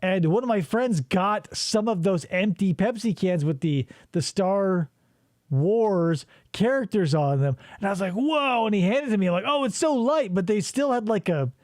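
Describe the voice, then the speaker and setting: A high-voiced man with a bouncing, lively pitch, talking in a loose, crude, joking way as he riffs on old ads. His voice sounds close and dry, with no room around it. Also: normal speed, no room sound. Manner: crude, joking, animated storytelling. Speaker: podcast host. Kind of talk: casual chat, riffing on old commercials.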